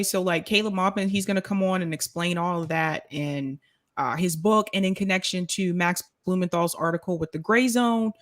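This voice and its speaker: Female co-host, mid-pitched, relaxed and hesitant in casual banter. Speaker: podcast co-host. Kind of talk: casual chat.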